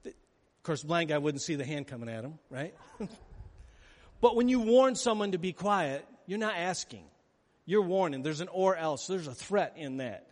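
Animated high-voiced male preacher, echoey hall. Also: normal speed. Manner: animated storytelling, acting out scenes. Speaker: pastor. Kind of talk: sermon. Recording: echoey hall with long reverb.

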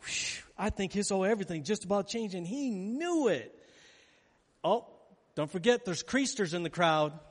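A man with a high voice delivers a sermon in a large hall, and the long reverb trails after his words. He tells the story with animation, acting out the scenes as he goes. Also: lively intonation, moderate pace. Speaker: pastor.

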